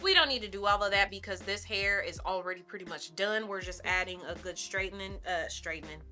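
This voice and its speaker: A woman's voice: mid-range voice, brisk, bright, forceful tone, faint music behind. A young adult woman vlogger chatting casually and upbeat while she styles a wig, calling her viewers y'all. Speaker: beauty vlogger. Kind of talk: casual get-ready-with-me chat.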